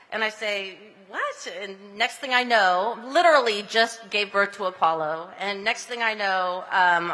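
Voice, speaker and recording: Cali woman doing a gushy thank-you speech outside, giggly, mid pitch, lots of reverb off the speakers. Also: sharp tone. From Anaheim, California. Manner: chatty and giggly, with breathy laughs; tender and emotional in the thank-yous. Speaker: honoree giving a speech. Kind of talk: heartfelt acceptance speech. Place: outdoor street ceremony.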